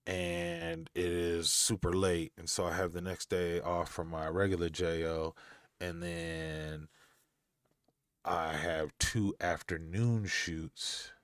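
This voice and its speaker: A man's voice: low voice, level tone, slow pace, dry recording, clean studio sound. A young adult man hosting a live stream from home, reading chat aloud and talking in a loose, slangy way with frequent laughs.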